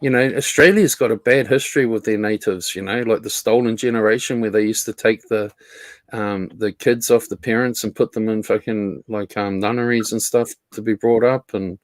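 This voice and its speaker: A man's voice: fairly low pitch, steady tone, normal speed, no echo. A man in casual chat on a stream, rambling and filler-heavy, swearing offhandedly as he talks.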